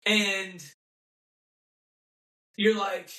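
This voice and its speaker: High, bright-voiced man ranting in an echoey room. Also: unhurried, far from the mic. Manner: ranting, repetitive, mocking, acts out quoted voices. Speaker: podcast host. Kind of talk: impassioned monologue.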